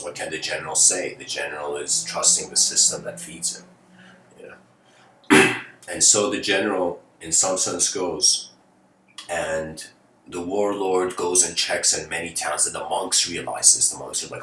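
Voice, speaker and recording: A man's voice: sits low, fairly even intonation, normal speed, sharp tone. A man giving a philosophical lecture, telling a story in a casual, rambling way with many fillers like "you know.". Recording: roomy, distant mic, faint noise.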